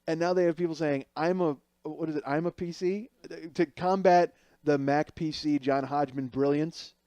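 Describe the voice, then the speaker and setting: He's a podcast host from around Chicago, his voice on the high side, steady, a little mellow, and clean, moving at a moderate pace. The comic monologue rambles, drips sarcasm, and keeps restarting and veering into asides, with no echo present.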